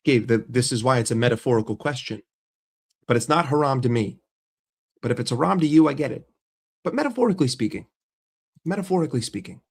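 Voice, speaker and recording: A man's voice: mid-range voice, fairly even intonation, fairly quick, gravelly. A man ranting as a football fan vlogger, blunt and sarcastic, with swearing and repeated phrases. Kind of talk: casual fan rant to camera.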